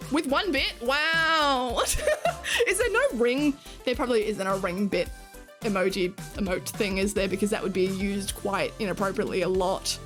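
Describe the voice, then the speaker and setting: A woman streaming, chatting with her viewers in a casual way, laughing often and swearing casually. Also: on the high side. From Australia. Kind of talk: casual chat reading stream chat.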